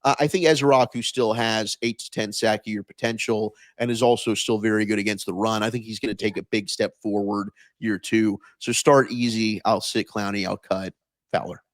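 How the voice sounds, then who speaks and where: Chatty American sports radio guest. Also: male voice, fairly low pitch, fairly even intonation, normal speed, no echo. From United States. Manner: talkative, frequent restarts and fillers. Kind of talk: casual sports chat.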